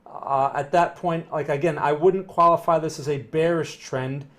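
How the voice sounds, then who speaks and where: A man's voice: a little high, steady tone, normal speed, fairly bright tone. A man giving casual live-stream chart analysis and answering viewer questions, thinking aloud with frequent "right?" and "okay?".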